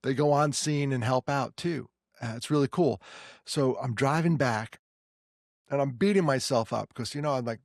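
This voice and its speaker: A man with a New York accent, co-hosting a podcast and telling stories in casual, animated chat full of quick restarts. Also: mid-range voice, no echo, studio quality. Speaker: podcast co-host.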